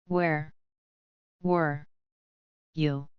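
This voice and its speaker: Woman doing a cold flat grim vigilante boss, lowish, slow, dull sound. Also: smooth, dry recording, natural voice. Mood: stern. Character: stern grim male vigilante leader.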